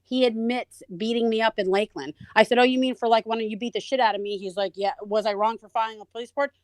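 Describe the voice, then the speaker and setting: A woman guest in an interview, telling her own story in a lively way and acting out the voices of people she quotes. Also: on the high side, fast talker, no room sound. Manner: animated, acts out quoted voices. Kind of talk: conversational storytelling.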